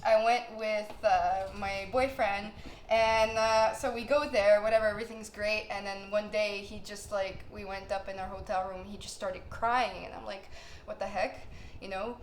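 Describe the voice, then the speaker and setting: Young woman podcast co-host, chatty and laughing, echoey room recording. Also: mid-range voice. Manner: animated, laughing storyteller full of "like". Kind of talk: casual storytelling chat. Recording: echoey room, faint noise.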